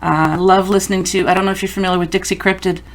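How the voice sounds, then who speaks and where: A woman's voice: lowish voice, level tone, rapid-fire. Friendly Canadian woman hosting a podcast. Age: 50s. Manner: warm, encouraging, laughs often. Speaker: podcast host. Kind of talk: casual interview chat.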